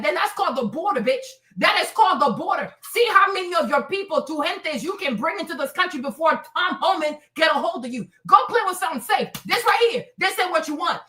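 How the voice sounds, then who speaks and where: Young woman streamer ranting, super high pitched, sharp voice, keeps repeating herself and yelling. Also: animated, brisk. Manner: repetitive, cursing, shouting bursts. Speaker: host. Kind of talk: heated livestream rant. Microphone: streaming mic.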